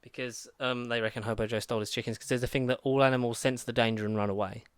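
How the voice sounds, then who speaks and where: A man chatting on a podcast, recapping a film in long, rambling runs full of asides. His voice is smooth and resonant, recorded close and dry with no room sound. He sits at a middling pitch. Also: no room sound. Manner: rambling, animated retelling with quick asides. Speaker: podcast co-host reviewing films. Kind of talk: casual chat.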